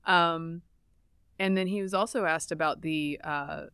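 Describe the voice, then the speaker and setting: A woman's voice: low voice, fairly even intonation, a little slow, a bit bright, smooth, no echo, studio quality. An American woman co-hosting a podcast, chatting wryly and sarcastically about the news with many fillers. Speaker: podcast co-host. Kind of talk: casual news chat.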